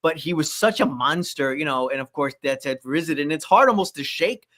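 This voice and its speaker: A man appearing as a guest on a review podcast, relaxed and laughing along in casual chat. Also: fairly high pitch, a little fast.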